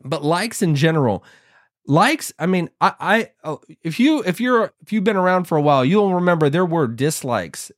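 A man's voice: on the high side, animated, moderate pace. A man talking casually to his audience as a YouTuber, rambling with frequent restarts and emphatic repeats. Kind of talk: casual talking-to-camera monologue.

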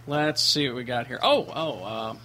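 A man co-hosting a casual chat, relaxed as he steers the talk to the next topic. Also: mid-range voice, moderate pace. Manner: laid-back, steers the topics. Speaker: podcast co-host.

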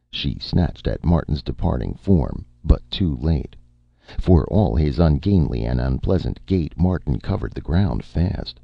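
A man narrating an audiobook story in a steady, measured storytelling voice. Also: extremely low pitch, creaky, dry recording, lo-fi sound. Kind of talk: scripted narration.

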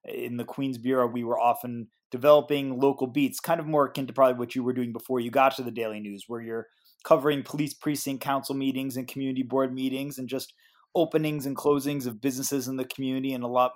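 A man hosting an interview, answering thoughtfully and then steering toward his next question at a steady pace. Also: medium pitch. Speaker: interviewer, host.

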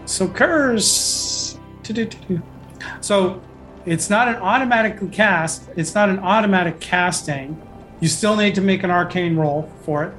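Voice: mid-range voice, measured pace, a bit bright, faint music behind. A game master running a tabletop role-playing game, explaining the rules in an easygoing way. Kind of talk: tabletop role-play session.

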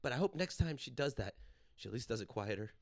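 A man from Los Angeles hosting a casual comedy podcast, crude and loud, often putting on voices for bits. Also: medium pitch, animated, quick pace, vocal fry, no echo, studio quality. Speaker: podcast host.

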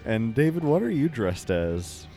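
A man hosting an improvised comedy chat in a deadpan, mock-serious way. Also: medium pitch, unhurried, faint music behind.

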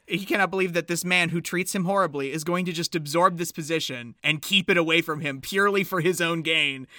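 Brief: bright, lively woman co-host, dry close sound. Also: on the low side, fairly quick, no echo. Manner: animated, acts out scenes, laughs often. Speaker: podcast co-host. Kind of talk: casual film recap chat.

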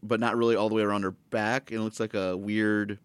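A man's voice: on the low side, little pitch movement, quick pace, clean tone, no room sound. A man co-hosting a podcast, chatting about a movie in a joking, rambling way. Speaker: podcast co-host. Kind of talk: casual movie discussion chat.

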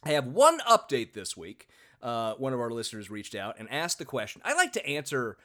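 Male podcast host, bright forceful tone, rambling friendly chatter with fillers. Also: mid-range voice, huge pitch swings, a little fast. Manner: chatty, self-deprecating, lots of filler words. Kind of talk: casual podcast chat.

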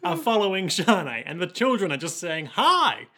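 A man's voice: sits high, lively intonation, fairly quick, fairly bright tone. A man casually recapping an anime episode with a co-host, wry and jokey, slipping into character voices. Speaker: podcast co-host.

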